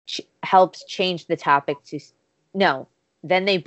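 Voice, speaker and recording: A podcast co-host with a lowish voice and measured pace chats casually through a recap of a show's episode, performing quotes as she retells scenes. The recording sounds dry and muffled.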